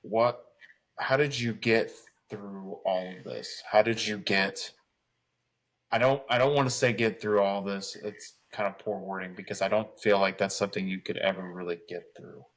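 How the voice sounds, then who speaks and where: A man hosting an interview, asking a gentle question and carefully rewording it as he goes. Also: lowish voice, fairly even intonation, normal speed, poor audio. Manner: careful, rephrasing his question. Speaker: podcast host.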